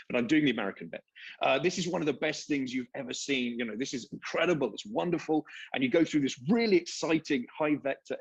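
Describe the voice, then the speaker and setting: A man's voice: mid-range voice, husky, lo-fi sound. A man speaking as a panelist, explaining at length with many fillers and tag questions. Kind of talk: panel discussion talk.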